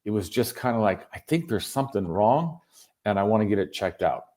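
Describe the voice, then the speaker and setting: A man telling his story as a guest in a casual chat, animated and swearing freely. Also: fairly low pitch, a little fast. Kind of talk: casual video call chat. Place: home in Berlin.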